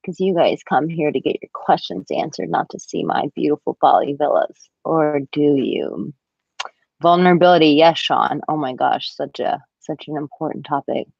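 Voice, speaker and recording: A woman in her thirties, a dating and relationship coach, chatting on a live-stream Q&A and reading out viewer comments. She talks animatedly and acts out quotes in a high, squeaky voice. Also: moderate pace, gravelly, a little mellow, no echo, muffled recording. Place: villa room, at home.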